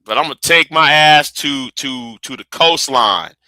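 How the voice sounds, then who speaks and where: A man's voice: medium pitch, measured pace, sharp tone, no room sound. A man from Texas, chatting casually on a livestream in a rambling, profane way with stammering restarts. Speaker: livestream host.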